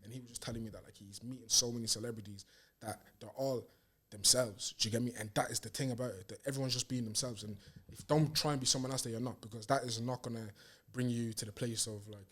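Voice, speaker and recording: A man's voice: medium pitch, steady tone, fast talker, a bit bright, husky. A man guesting on a podcast, speaking earnestly in a motivational way, with many restarts and "do you get me". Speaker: podcast guest, music manager. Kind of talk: casual chat.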